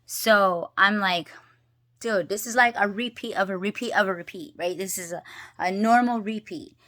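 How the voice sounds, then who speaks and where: A woman's voice: mid-range voice, moderate pace, a bit bright. A married woman talking to camera in a rambling, confessional monologue, full of restarts and filler words and often close to tears. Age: adult, married. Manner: rambling, restarts, many "like"s, tearful laughs. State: emotional, near tears. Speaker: personal vlogger.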